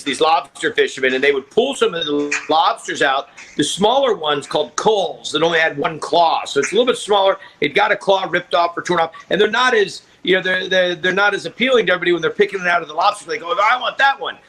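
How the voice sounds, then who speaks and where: Middle-aged guy on a video call, high bright voice, rambling stories, little hiss behind. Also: quick pace, hardly any pauses, low-quality recording. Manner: loose storytelling, laughs easily. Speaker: celebrity guest. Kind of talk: casual video-call chat. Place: home at a ranch.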